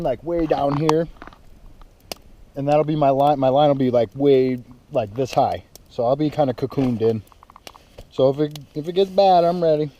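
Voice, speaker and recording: Chatty young man, warm mellow voice. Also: mid-range voice, slight background noise. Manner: rambling, chatty, lots of "like" fillers. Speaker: outdoor vlogger. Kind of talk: casual solo camping vlog. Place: outdoors at a mountain campsite.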